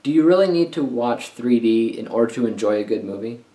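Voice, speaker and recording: A man's voice: mid-range voice, lively intonation, a little fast, mellow. Chatty male book reviewer, roomy sound. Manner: chatty and conversational, with frequent "uh" fillers. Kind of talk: casual video book review. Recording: roomy echo.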